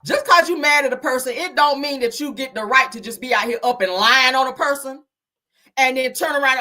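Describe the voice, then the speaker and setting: A woman's voice: high-pitched, brisk, bright, forceful tone. A woman hosting reality TV commentary, blunt and scolding, with frequent swearing. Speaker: commentary host.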